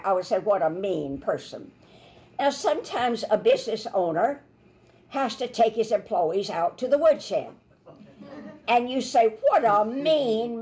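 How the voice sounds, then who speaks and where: A woman minister teaching a Bible lesson in a sermon, telling stories and acting out the voices of people she quotes. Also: medium pitch. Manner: animated storytelling, acts out quoted voices.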